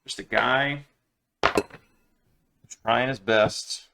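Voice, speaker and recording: A man with a gravelly, crackly edge and a bright, forward tone talks loosely in a home kitchen. He rambles and pokes fun at himself as he chats. Faint noise hangs in the background. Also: medium pitch, steady tone, very slow. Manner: rambling, self-deprecating, joking. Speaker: cooking vlogger. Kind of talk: casual cooking vlog.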